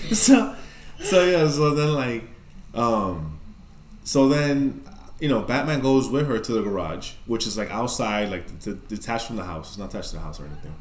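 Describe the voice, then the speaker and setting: Swearing New York storyteller in an echoey room. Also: male voice, mid-range voice, normal speed, slight background noise. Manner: profane, animated storyteller, many fillers. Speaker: podcast guest telling a story. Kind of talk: casual storytelling.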